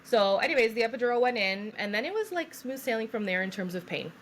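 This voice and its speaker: A woman's voice: fairly high pitch, lively intonation, quick pace, a bit bright, slight background noise. A woman in her thirties, a podcast co-host, telling a long personal story in casual chat, acting out what others said and laughing often.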